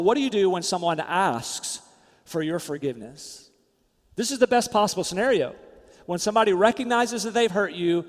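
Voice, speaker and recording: A man preaching a sermon as pastor, emphatic, rising loud then dropping to quiet, soft asides. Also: high voice, in a large hall.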